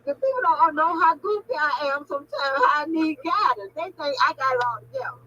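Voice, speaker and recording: A woman, hosting and telling a story in a casual phone chat, laughing loudly as she goes. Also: high voice, a little fast. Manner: animated, laughing, loud storyteller who calls people honey and baby. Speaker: channel host on a phone call. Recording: lo-fi audio.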